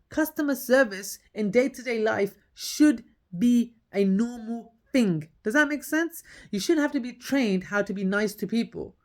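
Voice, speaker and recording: A woman, telling her own story in a casual podcast monologue. She talks emphatically, repeats her key points, and acts out the dialogue. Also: fairly high pitch.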